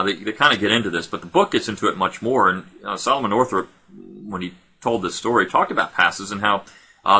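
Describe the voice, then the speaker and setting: A man giving a recorded college history lecture, explaining with frequent pauses and restarts. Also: on the low side, pushed and bright, breathy edge. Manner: many fillers and restarts, explanatory. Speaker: history instructor.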